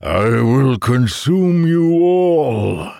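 A man voicing a huge male monster that gloats over its foes in a slow, booming way. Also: sing-song, gravelly, dark tone, no room sound, studio quality, heavily acted. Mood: gloating.

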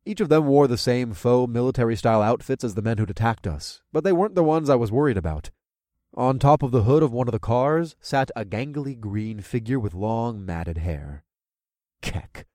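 Casting: male audiobook narrator, first-person, animated pitch, dry close mic. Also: dry recording.

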